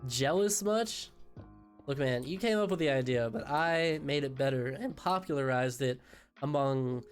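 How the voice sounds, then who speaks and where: A man's voice: mid-range voice, animated, unhurried, faint music behind. A young man with a voice worn by sickness, chatting casually on a live stream, joking, swearing and answering chat. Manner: swearing, jokey, reads chat aloud. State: sick, voice going out.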